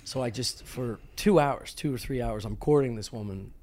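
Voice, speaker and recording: A man from Philadelphia telling stories in casual podcast chat, animated and laughing as he goes. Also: mid-range voice, normal speed.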